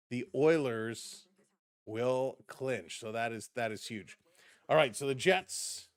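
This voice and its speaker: A man's voice: mid-range voice, clear, resonant tone, no echo. A man hosting a live sports stream, chatting casually with viewers, reading chat aloud and laughing often.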